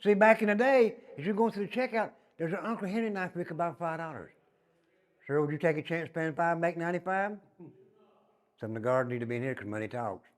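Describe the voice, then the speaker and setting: A man's voice: a little high, quick pace. An older man, a former prisoner guiding a walking tour in a folksy storytelling way, often calling the group "guys". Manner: folksy, repeats "give you an idea", addresses group as guys. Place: large echoey prison halls and yard. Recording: long echoey reverb of hard halls.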